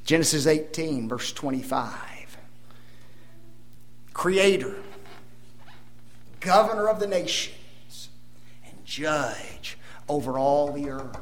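A man preaching a sermon, emphatic, with rhetorical tag questions and dramatic swings between loud declarations and hushed asides. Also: fairly high pitch, expressive, takes it slowly, pauses often. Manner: addresses the congregation as folks.

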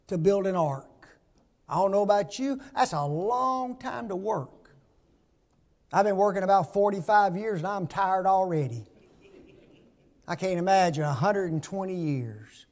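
A man's voice: sits high, moderate pace, a little mellow. A man in his sixties preaching a sermon, emphatic and full of rhetorical questions to his congregation.

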